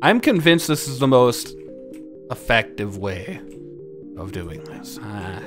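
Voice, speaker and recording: Young guy streaming a game, swearing and laughing, voice jumping all over, slow drawl, faint game music. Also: mid-range voice. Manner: animated, swings from mumbling to loud yelling and laughter; profane, jokey. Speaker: gaming YouTuber. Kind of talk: let's play commentary.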